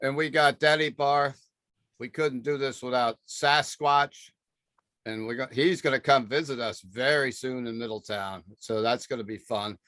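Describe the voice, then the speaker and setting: A man's voice: medium pitch, fairly even intonation, a little slow, fairly bright tone, no room sound. A man hosting a casual panel chat, rambling and chatty with fillers and restarts. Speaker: podcast host.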